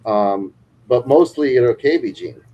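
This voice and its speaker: A man's voice: mid-range voice, animated, measured pace, mellow, muffled recording. A man co-hosting a casual stream, asking questions and restarting his sentences often. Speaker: co-host of a doll shop stream. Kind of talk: casual chat.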